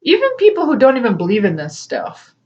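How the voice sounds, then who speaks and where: A spiritual coach and tarot reader talks casually and personally to camera, her fairly high voice swooping wildly in pitch at a fairly quick pace, a little mellow, on a muffled recording. She laughs often and acts out voices when quoting people.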